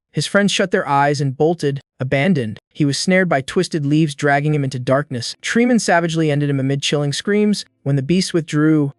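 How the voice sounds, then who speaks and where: Higher-voiced man narrating a comic recap. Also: no echo, studio quality. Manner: steady, dramatic storytelling.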